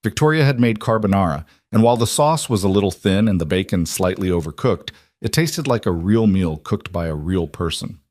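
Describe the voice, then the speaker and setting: Low-voiced man narrating a story. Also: animated, fairly quick, few pauses, darkish tone, no room sound, studio quality. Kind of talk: scripted narration.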